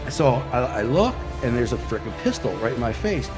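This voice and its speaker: His medium-pitched voice swings widely in pitch and moves briskly as he, a podcast guest from Detroit, United States, tells a street story casually. It's vivid and slangy, with scenes acted out using sound effects. A long hall reverb and faint music color the recording.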